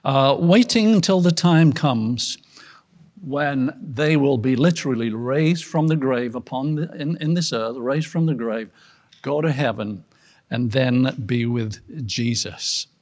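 A pastor teaching a Bible study class, earnest and conversational. His voice sits in a middle register for a man, and he often poses rhetorical questions to his listeners. His loudness rises and falls as he talks. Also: medium pitch, takes it slowly.

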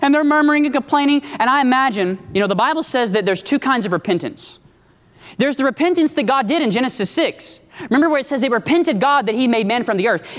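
A high-voiced man delivers an emphatic sermon, calling out to his congregation. His voice carries a long echo through a large church hall. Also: a bit bright. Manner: call-and-response, emphatic, varied pace. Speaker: preacher.

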